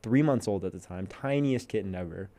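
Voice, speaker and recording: Young male podcast guest, low voice, lively storyteller, casual. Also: brisk. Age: young adult. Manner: animated storyteller, acts out quotes.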